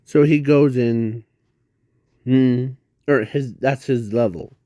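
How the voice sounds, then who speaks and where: A man improvising a casual fan story, halting and rambling with constant restarts and self-corrections. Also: medium pitch, fairly even intonation, warm tone, no room sound, muffled recording.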